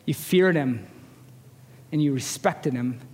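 Preaching a story-driven sermon, this forties-aged chaplain has a high-pitched, somewhat dark voice and takes his time. He's conversational and self-mocking, and a large hall lends a long echo.

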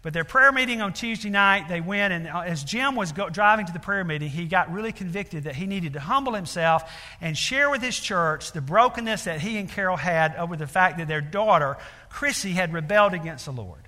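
In a big hall with a long echo, a man preaches a sermon, earnestly telling a story full of fillers that builds to emphatic appeals. His voice is high, expressive and brisk, with a sharp edge.

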